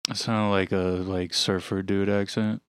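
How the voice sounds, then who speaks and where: A man co-hosting a casual podcast, flat and deadpan. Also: deep voice, unhurried, clear, resonant tone. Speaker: podcast co-host. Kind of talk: casual chat.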